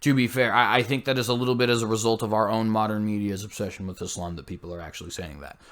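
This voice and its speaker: A man's voice: on the low side, steady tone, fast, fairly bright tone. Man reading news with stumbling self-corrections. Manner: reads aloud with frequent slips and self-corrections; blunt, scornful asides. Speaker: commentary show host. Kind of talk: reading news with opinion commentary.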